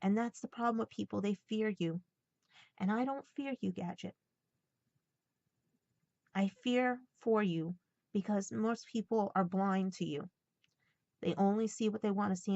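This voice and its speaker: A woman speaking in a heartfelt personal vlog, earnest and halting at times as she passes on a message. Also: medium pitch, darkish tone, dry recording, lo-fi sound. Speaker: vlogger.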